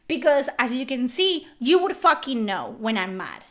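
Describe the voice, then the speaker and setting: A young woman vlogging from home, her voice high and cutting. She rants at her critics in a furious, profane stream, yelling at the camera. The tone stays bright and forceful throughout. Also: very animated, moderate pace. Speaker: YouTuber. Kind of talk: angry rant to camera.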